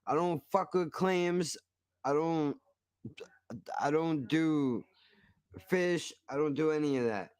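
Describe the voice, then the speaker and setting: A man's voice: on the high side, takes it slowly, pauses often, a little mellow, smooth, dry recording. A man hosting a stream, reacting to a cooking video with profane, mock-outraged ranting. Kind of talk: casual reaction commentary.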